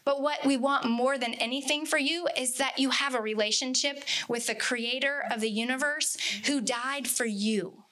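Woman, bright tense tone, fairly high voice, earnest Bible study teacher, repeats words for emphasis. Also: normal speed, few pauses.

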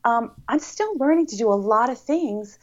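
A woman's voice: a little high, animated, normal speed, muffled recording. An American woman chatting as a podcast guest, upbeat and talkative with lots of fillers. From United States. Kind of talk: casual interview chat.

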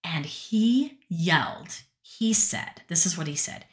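A woman's voice: fairly low pitch, lively intonation, slow, hardly any pauses. A woman from Utah telling personal stories from her notes in a chatty, rambling way, often breaking into laughter and asides. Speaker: podcast storyteller. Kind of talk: casual personal storytelling.

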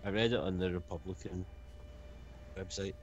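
A man's voice: sits low, fairly even intonation, normal speed, muffled recording. A man co-hosting a casual movie commentary, dropping dry, sardonic quips. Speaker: podcast commentary co-host.

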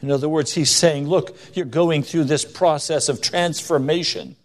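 A man's voice: fairly high pitch, moderate pace. Emphatic male preacher. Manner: emphatic, rising and falling for stress; acts out quoted voices in anecdotes. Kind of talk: sermon.

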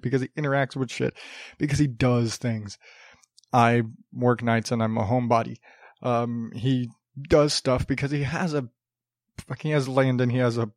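A man's voice: mid-range voice, darkish tone, no echo, studio quality. A man hosting his own podcast, rambling casually with lots of fillers, restarts and swearing. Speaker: podcast host. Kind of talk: casual solo podcast chat.

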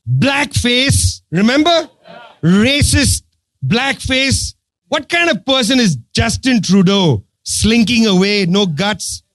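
Addressing an audience, a political speaker delivers an impassioned talk in a very high-pitched, fairly bright male voice, captured in a dry recording. Sarcasm and emphasis mark his delivery, and he keeps repeating himself to drive each point home.

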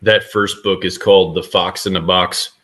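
Male guest speaker, middle-aged, low and bright-edged voice, earnest anecdotal storyteller. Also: flat delivery, normal speed. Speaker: guest author and leadership speaker. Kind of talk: conversational storytelling.

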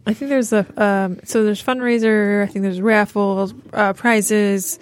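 A woman's voice: medium pitch, fairly even intonation, a little slow. A woman, the podcast's producer, chatting casually and hesitantly with many fillers. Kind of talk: casual chat.

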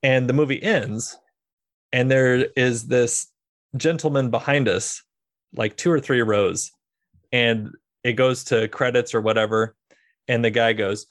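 A man's voice: medium pitch, steady tone, a little slow, no echo. A man hosting a podcast, talking casually about films and telling rambling stories with lots of fillers. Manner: rambling storyteller, many fillers and restarts. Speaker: podcast host. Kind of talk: casual film discussion.

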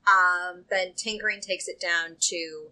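A woman playing a tabletop game, slowly working through her numbers. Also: on the low side, steady tone, pushed and bright, rough recording. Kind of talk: casual table talk.

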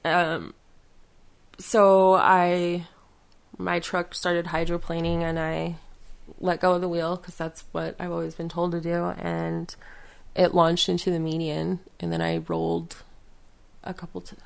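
A woman talking casually as a podcast guest, rambling and halting with many fillers and restarts. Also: fairly low pitch, level tone, gravelly, clear, resonant tone. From western United States. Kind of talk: casual conversation.

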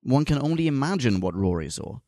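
A man's voice: mid-range voice, brisk, no room sound, clean studio sound. A man co-hosting a podcast, reading listener reviews aloud in a jokey, giggly way. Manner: jokey, giggly, reads listener mail in a lively voice.

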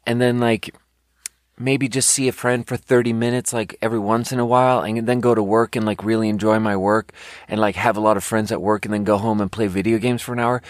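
A man's voice: fairly low pitch, flat delivery, brisk, no room sound, clean studio sound. A young adult man ranting in a casual podcast chat, exasperated and profane, rambling with many fillers. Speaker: podcast host. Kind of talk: casual rant.

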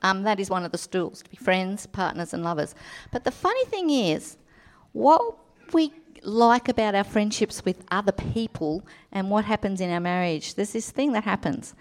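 A woman with a mid-pitched voice leads a workshop session. She gives group instructions at a calm, steady pace. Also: normal speed. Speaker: marriage counsellor speaker. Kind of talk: workshop talk.

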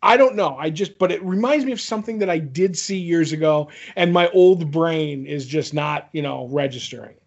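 Male podcast co-host, slightly high voice, joking and stammering, lo-fi sound. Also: normal speed, creaky, few pauses. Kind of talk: casual podcast chat.

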